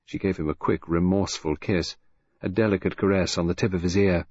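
A man with a husky voice narrating an audiobook in a measured, expressive reading. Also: low-pitched, no room sound. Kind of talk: scripted narration. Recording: dull, dry lo-fi recording.

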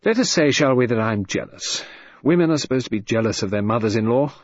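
Man putting on a quick, vehement wife, sharp-tongued and ironic, lifted husky voice, lively swoops, dull dry recording. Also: mid-range voice, close to an everyday voice. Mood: pointed. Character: sharp-tongued, restless middle-aged wife.

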